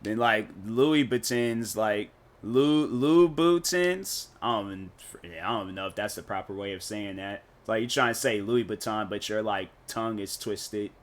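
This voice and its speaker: A man's voice: fairly low pitch, steady tone, moderate pace. A man streaming a game, chatting in a casual, rambling, slangy and joking way. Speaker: gaming streamer. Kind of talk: casual live-stream chat while playing.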